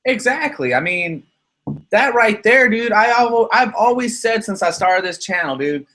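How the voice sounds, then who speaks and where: A man's voice: high voice, lively intonation, normal speed, sharp tone. A man in his thirties hosting a casual podcast chat, rambling, profane and heated as he vents about his kids. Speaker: channel host.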